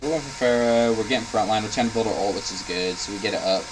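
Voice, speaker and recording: A man's voice: lowish voice, steady tone, quick pace, noisy background. A man coaching a player by reviewing gameplay footage, blunt and instructive, repeating his advice and swearing now and then, sounding tired. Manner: swears in frustration. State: tired, yawning. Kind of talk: coaching commentary over gameplay.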